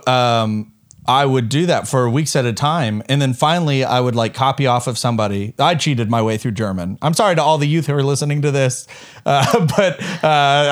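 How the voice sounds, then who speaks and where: A young adult man talking casually, telling stories in an animated way with quick asides. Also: medium pitch. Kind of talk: casual chat.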